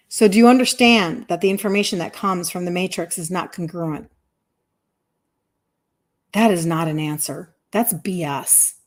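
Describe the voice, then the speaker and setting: A woman's voice: lowish voice, moderate pace. A woman in her fifties, a health coach talking bluntly and emphatically to her audience on a live stream. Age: 50s.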